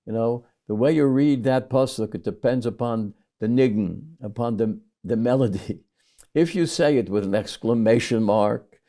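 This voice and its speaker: An older man, a rabbi, teaching a Talmud lesson, reading Aramaic passages and paraphrasing them in English with lively storytelling. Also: mid-range voice, gravelly.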